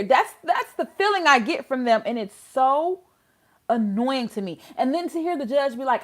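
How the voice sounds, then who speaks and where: A woman's voice: high-pitched, expressive, moderate pace. A woman hosting a casual legal commentary channel, exasperated and full of rhetorical questions.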